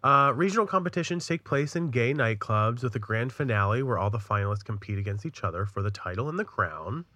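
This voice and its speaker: A man's voice: medium pitch, lively intonation, fairly quick, hardly any pauses, sharp tone, no echo. A man co-hosting a true-crime podcast, chatting and joking casually before telling the case. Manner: chatty, jokey, reads ad copy. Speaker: podcast co-host.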